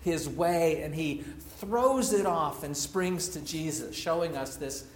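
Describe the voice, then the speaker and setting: Reflective preacher in an echoey room. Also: male voice, fairly high pitch, slow. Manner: reflective, personal, storytelling. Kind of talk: sermon.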